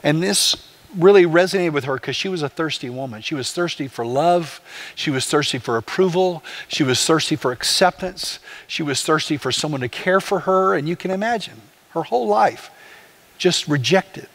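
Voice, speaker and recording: A man's voice: fairly high pitch, lively intonation, normal speed, a bit bright. A man, a pastor, preaching a conversational sermon with rhetorical questions to the congregation.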